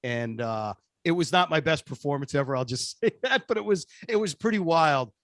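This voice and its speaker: A radio personality being interviewed, telling a story casually and acting out the dialogue in voices. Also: male voice, fairly high pitch, normal speed, no room sound, clean studio sound. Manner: animated, laughing, acts out dialogue in voices. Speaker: radio show personality, guest.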